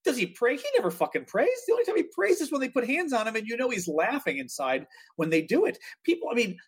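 Animated husky-voiced podcast co-host. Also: mid-range voice, fast talker. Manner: animated, exasperated, swears. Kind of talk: casual political chat.

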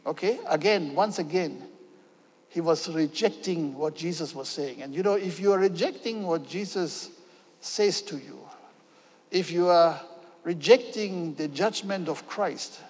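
A man preaching a sermon with emphasis, often pausing to check in with "okay?". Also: on the high side. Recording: long hall reverb.

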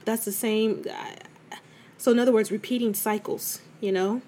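A woman's voice: a little high, fairly even intonation, normal speed, warm tone, slight background noise. A middle-aged woman talking candidly and conversationally as a host, speaking straight to her listener and calling her "girl". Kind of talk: casual confessional talk.

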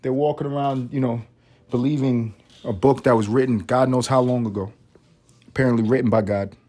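A man's voice: mid-range voice, fairly even intonation, a little fast, warm tone. Profane, rambling man hosting a podcast. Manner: profane, rambling, self-mocking. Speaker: podcast host. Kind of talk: casual solo podcast monologue.

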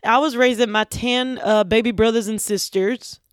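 A woman in her fifties from Kentucky, a comedian guest rambling through deadpan tall tales in an interview. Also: on the high side, normal speed, no room sound, studio quality. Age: 50s. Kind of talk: deadpan comic interview banter.

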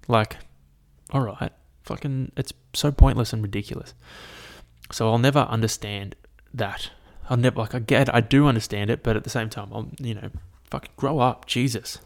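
A man's voice: mid-range voice, fairly even intonation, moderate pace. A young man, chatting casually to his audience in a rambling, sweary rant. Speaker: vlogger. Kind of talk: casual chat. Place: at home, at a laptop.

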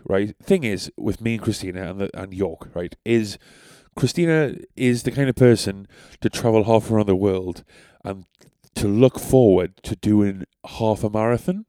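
A young man tells a meandering podcast story, full of swearing and jokes at his own expense. His voice sits low and mellow. The recording is dry and close. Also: dry recording. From North East England. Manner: rambling, sweary, self-deprecating. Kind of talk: casual storytelling.

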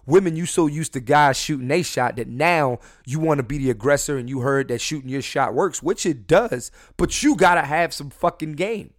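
A young man hosting a solo podcast from his room at home, drunk and high, talking loosely and jokingly, with mumbled asides that break into loud emphatic bursts. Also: moderate pace, hardly any pauses. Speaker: podcast host. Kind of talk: casual solo podcast rant.

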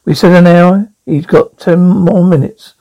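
A man's voice: high voice, fairly even intonation, a little slow, mellow, no echo. A man voicing a stubborn male official, reading in a firm, clipped way.

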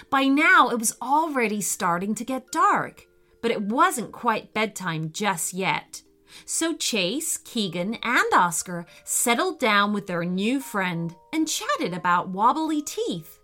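A woman gently reading a children's bedtime story aloud as the storyteller. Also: on the high side.

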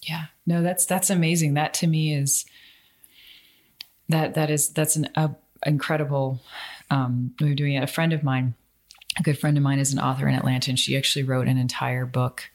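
A woman's voice: very deep voice, flat delivery, normal speed. A woman co-hosting a podcast, chatting casually and rambling with lots of fillers and restarts. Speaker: podcast co-host.

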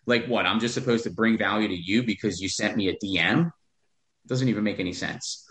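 A man's voice: lowish voice, brisk, a bit bright, reverberant. A man who is a real estate investor, talking bluntly with profanity as a podcast guest. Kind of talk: podcast interview.

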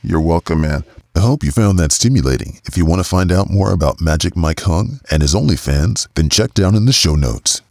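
A man's voice: low voice, creaky, darkish tone, no room sound, studio quality. A man hosting an adult podcast, talking casually and calling people "man" as he wraps up the show. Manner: casual, calls everyone man. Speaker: podcast host. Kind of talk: podcast outro and plugs.

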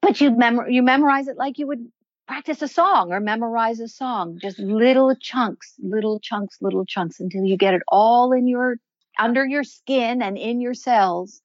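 Measured woman coaching on voice, lo-fi. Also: on the high side, dry recording. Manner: measured, instructive, slows to stress points. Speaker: performance and voice coach guest. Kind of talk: interview answers, explaining.

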